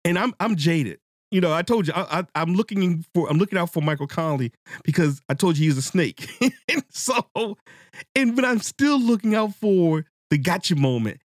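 A man hosting a casual book-discussion podcast, talking to his listeners in a rambling, excitable way and swearing freely. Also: high-pitched, normal speed, no echo, studio quality. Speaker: podcast host.

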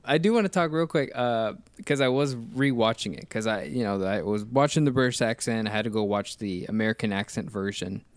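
A man's voice: on the low side, brisk, few pauses, no room sound. A man casually discussing movies on a podcast, rambling and full of questions and restarts.

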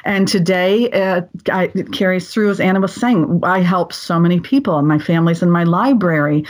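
A middle-aged woman co-hosting a casual podcast conversation, talking in an earnest, reflective and measured way. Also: on the low side, a little mellow.

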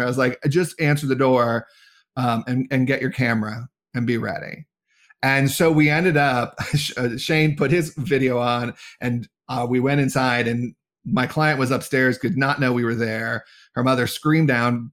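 Middle-aged male talent agent, lively anecdote teller who acts out the quotes, medium-pitched. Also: moderate pace. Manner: animated, acts out quoted dialogue. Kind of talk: casual storytelling interview.

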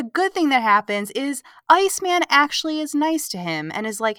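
A woman co-hosts a relaxed movie podcast, retelling the plot with animated sarcasm and little put-on character lines. Her voice is bright and forward. The sound is dry and close, with no room around it. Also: sits high, moderate pace, no room sound. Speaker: podcast co-host. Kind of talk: casual movie recap chat.

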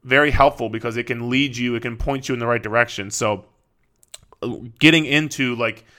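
A man's voice: medium pitch, brisk, sharp tone. A young man hosting a fitness podcast, talking in a casual, profane, rambling way with lots of fillers and restarts. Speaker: fitness coach and podcast host.

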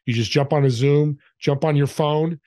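A man's voice: a little high, moderate pace, mellow, no echo, clean studio sound. A man guesting on a podcast, telling stories in an upbeat, motivational way. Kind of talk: casual interview chat.

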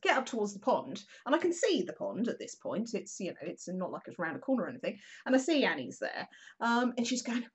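A woman, a regular on the show, telling a local anecdote in a chatty, animated way, acting out quotes with plenty of fillers. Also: mid-range voice, brisk, slightly rough, dull audio. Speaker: regular contributor. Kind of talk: casual storytelling chat.

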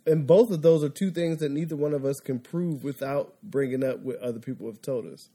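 A man in casual podcast banter, his voice mellow and dark. He talks in a laid-back way and teases his co-host with jokes. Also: mid-range voice, a little fast, husky. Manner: teasing, laid-back, joking.

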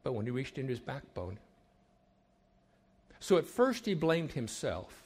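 An older man, a marriage counselor, gives an emphatic sermon-like talk to young people, building repeated phrases and sometimes dropping to a hush. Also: mid-range voice, sing-song, measured pace, a little hiss or hum. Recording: long hall reverb.

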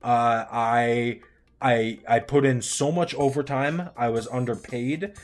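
A young adult man telling a story in casual podcast chat, animated and swearing, acting out the quotes. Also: medium pitch, slow, soft background music. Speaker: podcast co-host.

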